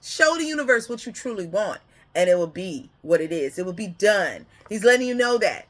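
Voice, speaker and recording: A woman's voice: mid-range voice, very animated, moderate pace. A woman giving a casual, rambling spiritual reading who laughs often and keeps checking in with "okay?". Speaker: spiritual card reader.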